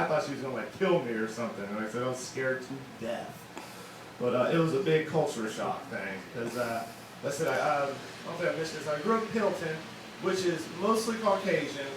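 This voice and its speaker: Young male comic, slightly high voice, rambling delivery, echoey bar room. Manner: rambling, self-deprecating, lots of fillers. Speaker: open mic comedian. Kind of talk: stand-up comedy set. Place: wine bar open mic. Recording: echoey room, distant mic, bar noise.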